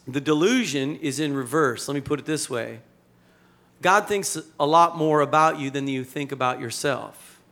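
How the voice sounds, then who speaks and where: A man preaching a sermon in a conversational, animated way, mixing jokes with rhetorical questions. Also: a little high. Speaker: pastor.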